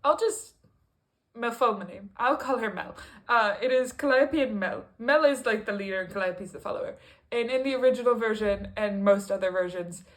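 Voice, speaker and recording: A woman's voice: fairly high pitch, normal speed. A woman talking through a musical in a casual review vlog, rambling and chatty with lots of fillers, restarts and playful asides. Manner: rambling and chatty, with frequent fillers and self-corrections. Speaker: video creator.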